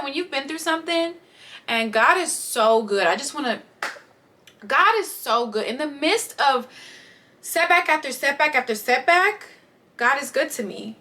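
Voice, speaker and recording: Bright, chatty woman vlogger. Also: high voice, animated, fairly quick, slight background noise. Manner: candid, chatty, talks straight to viewers. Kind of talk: casual sit-down life update.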